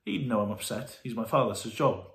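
A man vlogging candidly to camera from a warm room at home, earnest and halting, his voice full of feeling. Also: mid-range voice, lively intonation, creaky, roomy sound.

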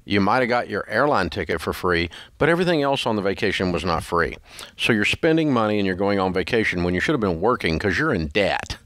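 A man's voice: fairly low pitch, animated, quick pace, a bit bright, no echo, clean studio sound. A male radio host giving blunt money advice in an emphatic, scolding, repetitive way. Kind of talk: blunt call-in advice talk.

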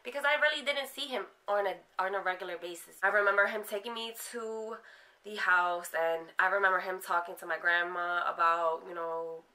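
A woman's voice: mid-range voice, a little fast, pushed and bright. A young adult woman frankly recounting her own life story in a casual interview, full of fillers. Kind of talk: candid personal storytelling.

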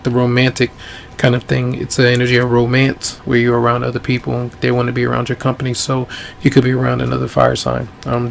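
A man giving a casual tarot reading, easygoing and rambling, his voice going hoarse. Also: mid-range voice, slight background noise. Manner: easygoing, rambling with many ums. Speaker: tarot reader.

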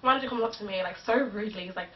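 A young woman from the UK hosting a casual group chat, telling work stories in a lively way and acting out what people said. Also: medium pitch, rapid-fire, roomy sound, far from the mic. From United Kingdom. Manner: animated storyteller, acts out quotes. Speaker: host. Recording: muffled, from off mic.

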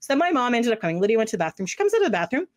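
A woman's voice: on the high side, sing-song, racing, no echo, studio quality. A woman co-hosting a podcast, telling a long casual story that rambles, full of "like" and acted-out quotes. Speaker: podcast co-host.

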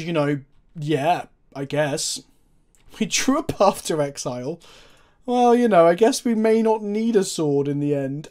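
A man commenting on his own card game as he plays, thinking aloud, asking the viewers questions and swearing now and then. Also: on the high side. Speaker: host, gameplay commentator.

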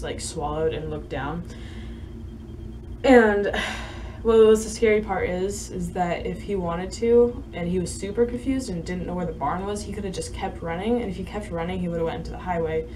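A young woman vlogging, telling a story in a rambling, halting way with many fillers and soft laughs. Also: on the low side, noisy background. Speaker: vlogger and horse rider. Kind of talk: casual storytelling to camera.

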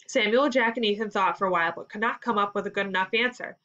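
A woman teacher reading a children's story aloud for a lesson in a clear, measured storytelling voice. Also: medium pitch, sharp tone. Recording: slightly dull lo-fi sound.

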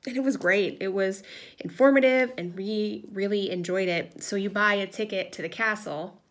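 A woman's voice: mid-range voice, normal speed. A woman in her thirties chatting casually with lots of fillers as she tells stories during a crafting vlog at home. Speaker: crafting vlogger. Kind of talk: casual chat while crafting. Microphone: camera propped on a table.

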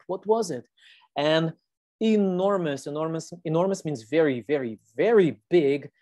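A woman teacher with a low voice reads a children's book aloud on a video call. She talks slowly and patiently and stops to explain words. The sound is dry and close. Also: a little mellow, dry recording. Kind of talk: reading a storybook to children.

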